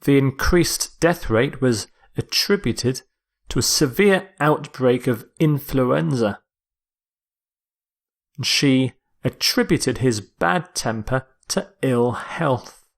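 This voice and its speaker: A man teaching English vocabulary in a lecture, speaking deliberately and repeating key words. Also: medium pitch, lively intonation, creaky. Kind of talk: slow scripted vocabulary lecture.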